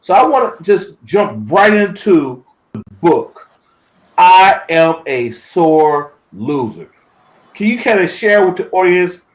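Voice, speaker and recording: Show host, man, encouraging interviewer, slightly high voice, roomy echo. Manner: encouraging, frequent affirmations. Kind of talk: casual interview.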